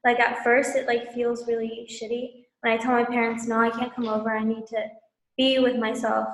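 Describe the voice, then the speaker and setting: Gravelly-voiced woman sharing hesitantly. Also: a little high, flat delivery, normal speed. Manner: hesitant, filler-heavy. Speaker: support group member. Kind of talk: personal sharing. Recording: roomy echo.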